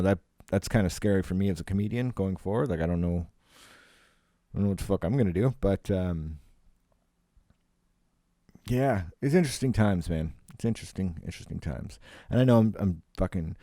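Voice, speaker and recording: Canadian comedian guy rambling into his home mic, lowish dark voice, swears a ton, dry sound. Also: no echo. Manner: rambling, swears a lot, lots of fillers. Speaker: podcast host, comedian. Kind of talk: casual solo podcast rambling. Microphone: home podcast microphone.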